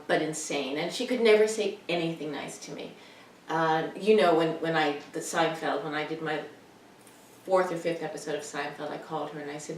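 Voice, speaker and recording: An older woman rambling wryly and self-deprecatingly in a casual personal video message at home. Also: sits low. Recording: roomy, distant mic, faint noise.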